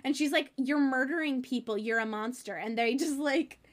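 A woman's voice: high voice, normal speed. A woman co-hosting a casual podcast, retelling a book with lots of giggling. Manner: giggly, animated retelling with frequent laughs. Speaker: podcast co-host. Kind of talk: casual book discussion chat.

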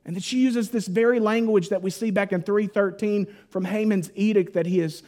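A man preaching a Bible teaching in a conversational, animated way, full of casual asides. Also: high-pitched, fairly quick. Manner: conversational and animated, lots of 'like'.

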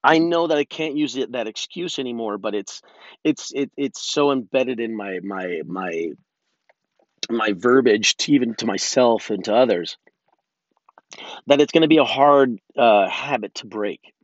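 A man talking alone into a close podcast mic, rambling and candid, his sentences full of swearing and restarts. His voice sits at an ordinary pitch. The recording is dry and a little dull. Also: measured pace, dry recording. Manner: candid, self-reflective. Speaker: podcast host. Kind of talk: casual solo podcast monologue.

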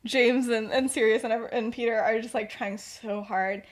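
A young woman co-hosting a podcast, casually retelling a story in a rambling, chatty way. Her voice sits a bit high for a woman, and she fills her sentences with filler words and frequent laughs. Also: steady tone, moderate pace. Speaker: podcast co-host.

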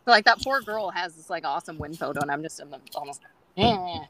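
A woman's voice: lowish voice, lively intonation, a little fast, fairly bright tone, poor audio. A woman guest on a groomers' podcast, telling stories in a chatty way with many fillers and acting out quoted dialogue. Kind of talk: casual storytelling interview.

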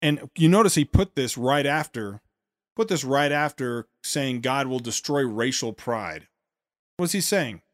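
A man hosting a podcast, giving sarcastic commentary on a played speech with quick asides and restarts. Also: medium pitch, animated, no room sound, studio quality. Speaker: podcast host.

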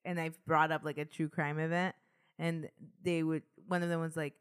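A woman's voice: low-pitched, flat delivery, normal speed, smooth. A woman co-hosting a podcast in casual chat, blunt and swearing freely. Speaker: podcast co-host.

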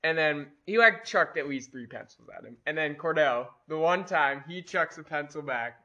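A man's voice: a little high, animated, normal speed, bright, forceful tone, muffled recording. A teenage boy co-hosting a podcast, recounting school events in casual chat and laughing often. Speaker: podcast co-host.

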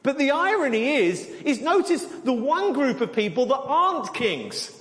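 A man's voice: very high voice, very animated, moderate pace, fairly bright tone. A man preaching a sermon, teaching animatedly and often repeating words as he goes. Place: church hall. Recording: long hall reverb.

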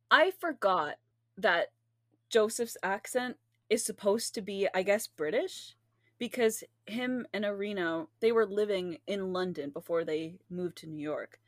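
A woman in casual chat with a friend, animated and quick to laugh. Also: medium pitch, dry recording, clean studio sound. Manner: giggly, laughs often, animated. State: laughing to tears at times.

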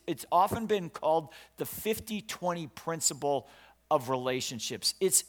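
A male pastor preaching a sermon, telling a story dramatically and emphatically, with frequent restarts and repetition. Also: on the high side.

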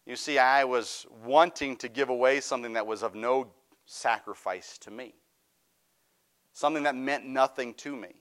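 A man's voice: mid-range voice, normal speed, fairly bright tone. A middle-aged male pastor preaching a sermon, reading scripture aloud and rising into fervent, raised preaching.

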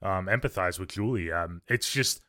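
Podcast guy, lowish voice but bright and forceful, lots of likes and you knows. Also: normal speed. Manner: thoughtful, many fillers like "like" and "you know". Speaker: podcast co-host. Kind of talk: casual movie review chat.

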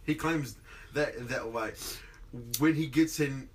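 A man's voice: medium pitch, slow, distant mic. A young man in casual chat with friends, teasing and swearing in slang.

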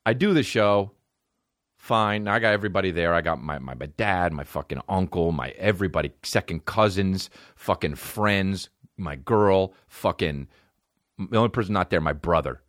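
A male comedian and podcast host telling a profane, animated personal story in casual chat. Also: deep voice, moderate pace, no echo, studio quality.

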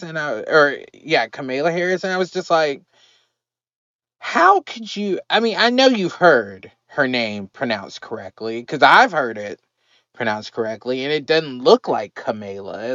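A man co-hosting a podcast, chatting casually about politics with animated, emphatic, repetitive phrasing. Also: mid-range voice, dry recording, dull audio. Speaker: podcast co-host.

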